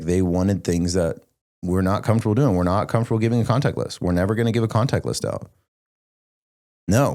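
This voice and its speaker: A young man hosting a podcast in casual chat, talking in an animated, emphatic way with lots of "like". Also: on the low side. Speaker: podcast host.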